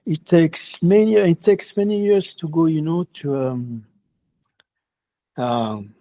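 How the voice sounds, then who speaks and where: Soft-spoken halting yogi with a mellow voice. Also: male voice, on the high side, no echo. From France. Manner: halting, many restarts and fillers, earnest. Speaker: yoga teacher. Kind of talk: reflective interview answers.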